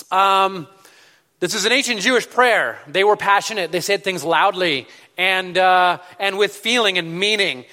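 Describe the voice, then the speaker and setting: Man, pastor, high bright voice, casual sermon, many ums and restarts, long hall reverb. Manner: chatty, full of fillers and restarts.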